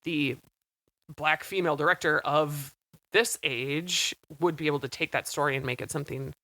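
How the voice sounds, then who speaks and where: A woman in her late thirties, co-hosting a podcast in casual chat, talking in a chatty, animated way and acting out quotes. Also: sits low, moderate pace, no echo. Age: 30s. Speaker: podcast co-host. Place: small studio.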